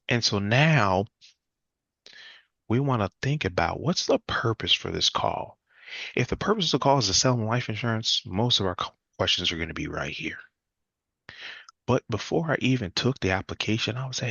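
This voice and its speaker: A man teaching a live sales class, acting out lively client conversations as examples. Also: a little fast, creaky, husky, no echo, dull audio. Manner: energetic, acts out client dialogue with jumps in pitch. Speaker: sales trainer.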